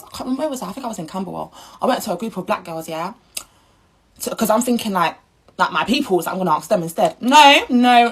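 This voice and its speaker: Husky blunt young woman. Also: mid-range voice, low-quality recording. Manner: blunt, indignant, animated storytelling. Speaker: vlogger. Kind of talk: casual vlog rant.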